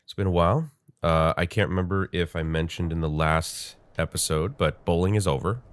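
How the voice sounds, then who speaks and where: A man's voice: sits low, fairly even intonation, a little fast. A male gaming host with a congested voice, chatting casually and rambling with lots of fillers while he plays. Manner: rambling, chatty, thinks aloud with many fillers. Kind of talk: casual gameplay commentary.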